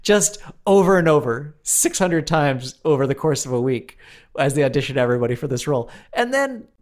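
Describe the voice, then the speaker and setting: A man's voice: medium pitch, a little fast, darkish tone. A man in casual comedic chat, rambling through stories, laughing often and swearing offhand.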